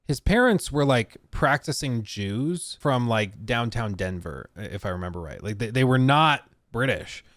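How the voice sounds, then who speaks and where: A man's voice: medium pitch, expressive, moderate pace, few pauses, a bit bright, dry recording. A man streaming live, telling a rambling story in casual chat and laughing often. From Colorado, USA. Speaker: streamer reacting to an interview.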